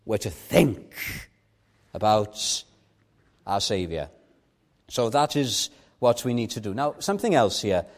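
A young man preaching a sermon earnestly, stressing key words, then dropping low. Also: sing-song, takes it slowly, long pauses. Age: young adult. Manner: earnest, emphatic, swinging between loud stresses and soft drops.

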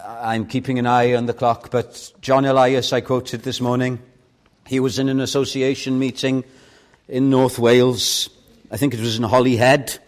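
A man preaching a sermon as pastor, acting out a story with big swings from loud, impassioned calls to quiet, intimate pleas. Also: level tone, moderate pace. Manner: dramatic, swings from booming to hushed.

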